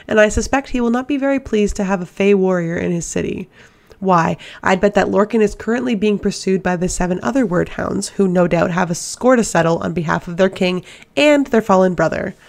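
A woman voicing a fierce, sharp-tongued young woman who is an assassin queen, in an audiobook reading. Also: mid-range voice, creaky, lightly acted.

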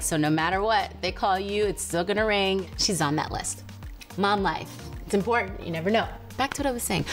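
A woman who has a teen daughter and a baby hosts her own show, chatting casually to the camera in a bubbly way and laughing often. Her voice is mid-range and a bit bright.

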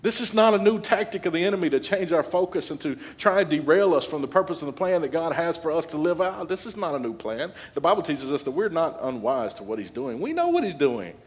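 A man in his forties preaching a sermon as a guest speaker, animated and humorous, building to loud peaks. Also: fairly high pitch, quick pace, hardly any pauses. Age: 40s.

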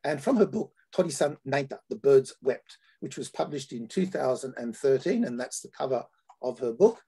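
A man with an Australian accent giving an academic lecture, halting with frequent fillers and restarts. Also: mid-range voice, lively intonation, vocal fry, dark tone, slightly rough.

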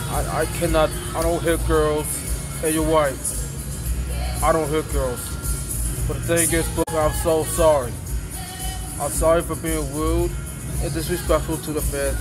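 Halting man giving a rambling apology. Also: fairly high pitch. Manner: repetitive, halting, with restarts. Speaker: vlogger. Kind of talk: casual spoken apology to camera.

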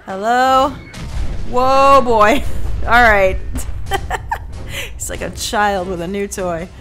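A woman commentating a video game stream in a slow, unhurried drawl. She is sarcastic and swears freely, and she breaks into loud laughter. Faint music plays behind her. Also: mid-range voice, fairly even intonation. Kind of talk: casual let's-play commentary.

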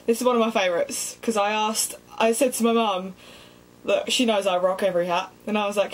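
A woman's voice: medium pitch, fairly even intonation, a little fast, low-quality recording. A young woman with a cheeky, self-mocking and sweary manner, chatting casually in a comedic vlog. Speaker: vlogger.

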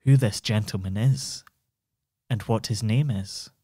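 A man's voice: fairly low pitch, measured pace, warm tone, breathy edge, no echo, studio quality. A man voicing a polite young male traveler asking questions, in a bedtime storybook reading. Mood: inquiring. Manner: courteous, inquiring.

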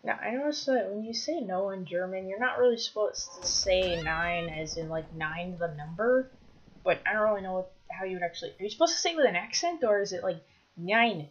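A woman commentating her own gameplay, chatty, bursting into excited shouts when things go wrong. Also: mid-range voice, fast talker, hardly any pauses, dull audio, a little hiss or hum. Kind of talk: Minecraft let's play commentary.

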